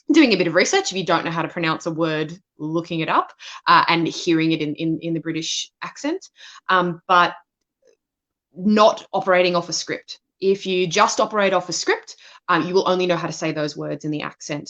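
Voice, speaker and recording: Woman, low voice, thoughtful, restarts sentences, live Q&A, lo-fi sound. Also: a bit bright. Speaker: assistant director and narrator. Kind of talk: live Q&A answer. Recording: dull lo-fi sound.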